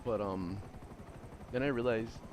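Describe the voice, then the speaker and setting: A young man streaming and chatting casually, loud and opinionated, rambling with lots of fillers. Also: lowish voice, a little slow, background noise. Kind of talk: casual chat while gaming.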